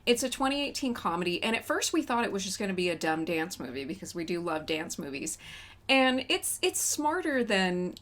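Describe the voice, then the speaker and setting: Woman co-host, casual podcast movie chat, lively and laughing. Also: medium pitch, fairly quick. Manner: chatty, animated, laughs often.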